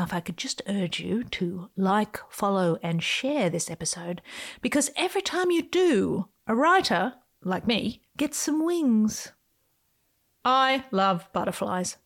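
A woman hosting her own podcast, reading a playful, whimsical script with sudden swoops in pitch. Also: lively intonation, measured pace, fairly bright tone. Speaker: podcast host.

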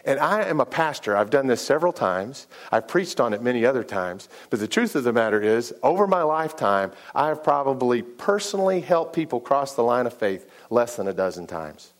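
Man, middle-aged, pastor, preaching, storytelling, restarts, lively delivery. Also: medium pitch, fairly quick, few pauses. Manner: animated and repetitive, many restarts, acts out dialogue. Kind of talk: sermon storytelling.

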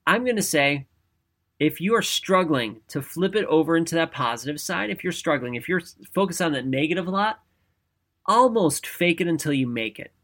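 Male motivational speaker, fairly high, bright voice, lively and conversational. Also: normal speed. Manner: energetic, conversational, often asks "right?". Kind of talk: motivational talk to camera.

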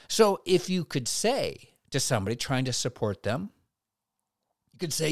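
A man's voice: a little high, sing-song, no echo, studio quality. Earnest man giving devotional teaching. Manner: earnest, reassuring, measured. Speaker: Christian speaker.

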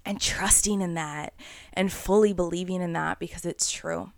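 A young woman hosts a spiritual podcast in an earnest, conversational monologue, now and then acting out voices in her head. Her voice sits a little low, with a gravelly fry under a smooth, resonant tone. The sound is dry and close. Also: fairly even intonation, normal speed, dry recording. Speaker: podcast host.

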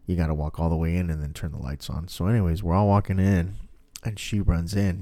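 Casual co-host, deep voice, dry room, loose storyteller who swears. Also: male voice, flat delivery, fairly quick, mellow, no echo. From family from Mexico. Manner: rambling storyteller, swears freely. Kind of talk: casual chat.

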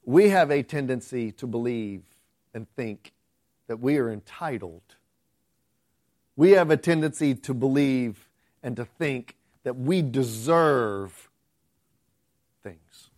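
A man's voice: medium pitch, animated, slow pace, pauses often, darkish tone. A man preaching a conversational sermon, often restarting phrases and rising to emphatic outbursts. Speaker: pastor.

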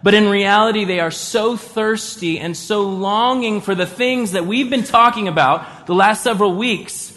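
Man, pastor, fairly high voice, conversational sermon, church hall echo. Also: moderate pace, few pauses, fairly bright tone. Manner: conversational preaching, acts out inner voices with sighs. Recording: long reverb of a church hall.

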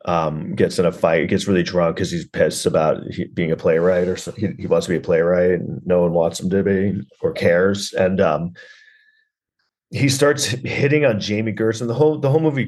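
A man's voice: low voice, darkish tone. A man hosting a podcast, recapping a film in a rambling, sarcastic way, full of fillers and swearing. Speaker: podcast host reviewing a film.

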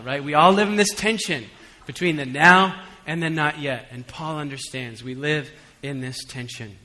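A male pastor delivers a sermon with a bright, forward voice, drifting between relaxed, conversational storytelling and emphatic, raised appeals to the room. His words ring out with a long reverb tail from the church hall. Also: medium pitch. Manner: conversational preaching with humorous asides; swings between soft and emphatic.

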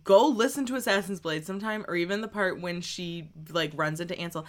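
Young woman, slightly low voice, wry blunt casual chat, swears freely. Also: fast, hardly any pauses. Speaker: podcast co-host.

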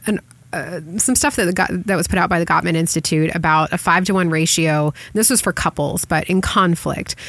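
A middle-aged woman hosting a casual parenting chat, chatty and practical with quick asides. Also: on the low side, fairly bright tone, no room sound. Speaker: podcast host.

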